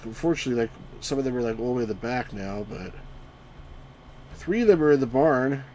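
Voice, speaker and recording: A man streaming a retro game live, commenting excitedly, shouting at the on-screen sheep and greeting chat viewers. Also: medium pitch, a little fast, a little hiss or hum. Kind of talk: live let's-play commentary.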